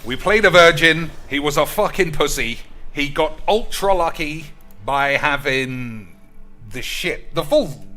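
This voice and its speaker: A man's voice: fairly high pitch, bright, forceful tone. A man giving crude, ranting, mock-boastful commentary over his own gameplay. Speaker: gaming streamer.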